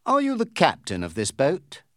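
A man doing a calm, formal English gentleman. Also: on the high side, normal speed, no echo, clean studio sound, voice pushed up.

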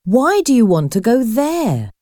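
A woman's voice: fairly high pitch, huge pitch swings, a little slow, mellow, no echo, clean studio sound, voice pushed up, exaggerated voice. A woman voicing a cautious, worried young woman caught on a ghost ship.

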